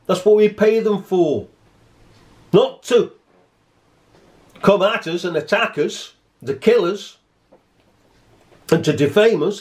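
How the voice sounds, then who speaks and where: A man's voice: fairly high pitch, a little mellow. A man giving an indignant monologue to camera, emphatic and repeating his points. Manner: emphatic, repeats points, acts out both sides of an argument. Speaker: vlogger.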